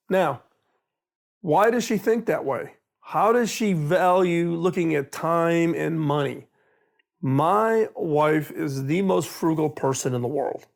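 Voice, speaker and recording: A middle-aged man giving an animated storytelling talk on innovation, acting out quoted dialogue. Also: a little high, vocal fry. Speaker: speaker on innovation.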